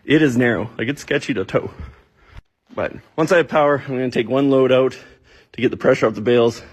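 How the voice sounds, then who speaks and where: Brief: farm guy vlogging a shop build; husky mid-pitched voice, dry muttered asides, casual cussing. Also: brisk. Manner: dry, muttering, self-deprecating, swears offhandedly. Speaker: farmer. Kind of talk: casual project vlog narration.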